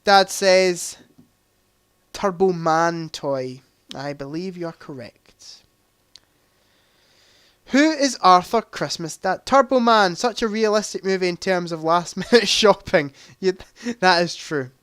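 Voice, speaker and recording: A man's voice: high-pitched, takes it slowly, pauses often, fairly bright tone, smooth, dry recording, clean studio sound. A young man hosting a casual livestream quiz, chatty, reading out answer options and adding joking asides. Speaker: livestream host.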